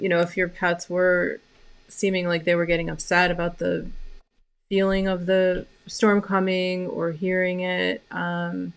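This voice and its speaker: A woman with a voice on the low side hosts a live stream about animal communication. She talks casually and softly, rambling with many fillers and restarts.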